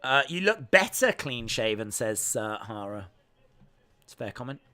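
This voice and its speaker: Man, Midlands accent, live-stream host, joking banter, crisp bright voice. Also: medium pitch, big pitch swings, moderate pace. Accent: English Midlands. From England. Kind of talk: live watch-along commentary, reading chat.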